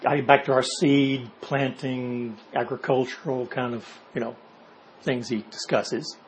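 A man's voice: medium pitch, steady tone, a little slow, slight background noise, low-quality recording. Man teaching a casual Bible class. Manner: asks rhetorical questions, checks in with "okay?" and "see?"; reads verses aloud, then explains them in plain words.

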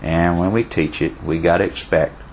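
A man's voice: low-pitched, steady tone, moderate pace, a little hiss or hum, poor audio. A man teaching a Bible study class in a folksy way, repeating himself and answering questions from the class.

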